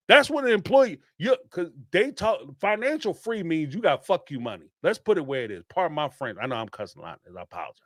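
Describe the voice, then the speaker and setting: A man, hosting a podcast and ranting in an animated, emphatic way, with some swearing and repeated phrases. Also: a little high, fast talker, hardly any pauses, dry recording, clean studio sound. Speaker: podcast host. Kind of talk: casual commentary rant.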